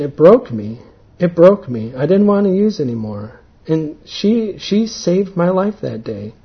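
A man giving an earnest personal testimony to a group, halting and full of fillers. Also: a little high, gravelly, breathy edge, dull audio. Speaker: speaker giving a talk.

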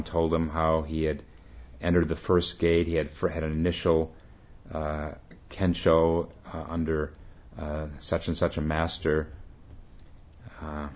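A man with a very deep voice gives a dharma talk as a Zen teacher, telling a story haltingly with frequent self-corrections. The recording is dull and lo-fi.

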